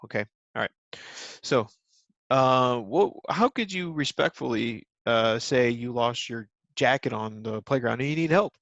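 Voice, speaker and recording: A man's voice: medium pitch, lively intonation, a little slow, fairly bright tone, no echo, highs cut off. A man teaching a recorded lesson to young children, patient and simple in his wording, with many ums.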